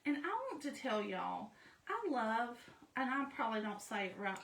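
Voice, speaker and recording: Expressive and gravelly, her fairly high, slightly bright voice moves at a moderate pace as she casually explains her craft work step by step and pokes fun at herself. The distant mic picks up room echo, slight background noise, and an off-mic quality.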